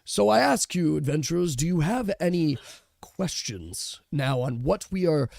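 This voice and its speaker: A man's voice: fairly high pitch, big pitch swings, gravelly, darkish tone, no echo, exaggerated voice. A man playing a solemn rebel leader. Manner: formal, measured speech. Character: solemn male resistance leader addressing allies.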